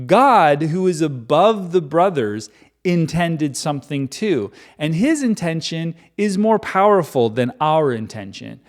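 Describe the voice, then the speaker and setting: A man reads scripture and breaks in with irreverent, sarcastic asides. His pitch sits slightly high and swings animatedly. The delivery is chatty and mocking. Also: a little mellow. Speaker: host reading scripture. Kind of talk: bible reading with sarcastic commentary.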